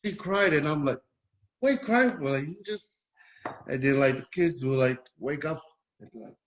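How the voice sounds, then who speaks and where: Hesitant soft-spoken Polynesian man. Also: a little high, normal speed. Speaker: guest. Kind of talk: candid personal conversation.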